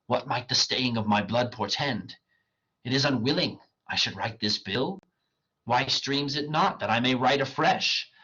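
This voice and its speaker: A man's voice: mid-range voice, measured pace, pushed and bright, slightly rough, lo-fi sound, voice pushed up. A man reading aloud the part of a proud scholar who sells his soul, emphatic and rising on questions, his voice strained and cracking. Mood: declaiming. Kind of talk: dramatic reading of a play.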